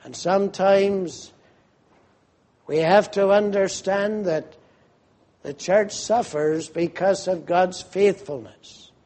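Slow, emphatic, and fervent, this man's sermon swells into loud cries whenever he quotes pleas to God. His voice sits high.

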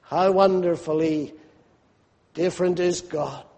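A man's voice: high voice, steady tone, takes it slowly, creaky, a little mellow. A man preaching a sermon with fervent, swelling emphasis. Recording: long hall reverb.

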